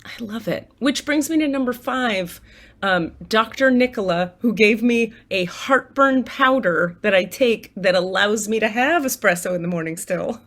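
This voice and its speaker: A woman's voice: a little high, moderate pace, fairly bright tone. A woman talking casually to her viewers from home, candid and chatty, swearing freely and laughing often as she leads a gratitude list. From United States. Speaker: spiritual coach and tarot reader. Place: apartment at home.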